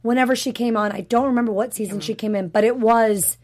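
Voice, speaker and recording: A woman's voice: fairly high pitch, steady tone, fast, darkish tone. A woman hosting a casual podcast chat, upbeat and chatty with plenty of fillers. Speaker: podcast host.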